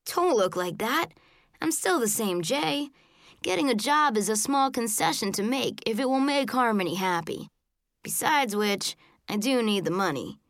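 A woman's voice: a little high, animated, moderate pace, no echo, studio quality. A woman voicing an easygoing, wry uncle who talks in a breezy, matter-of-fact way.

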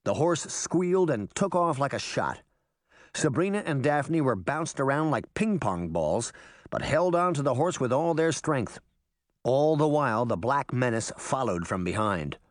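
A man reading a children's adventure story aloud as an audiobook narrator, with expressive, animated storytelling. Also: medium pitch, measured pace, no room sound, clean studio sound.

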